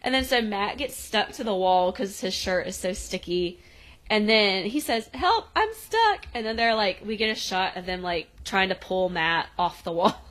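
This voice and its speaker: A woman co-hosting a podcast casually recaps a TV episode scene by scene, laughing as she acts out the characters' lines. Her voice is medium-pitched and fairly bright, at normal speed.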